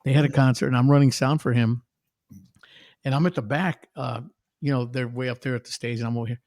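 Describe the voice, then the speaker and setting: Middle-aged man telling animated stories. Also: mid-range voice, quick pace, dry recording, clean studio sound. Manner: animated, acts out quotes in a raised voice. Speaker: guest musician. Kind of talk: casual storytelling chat.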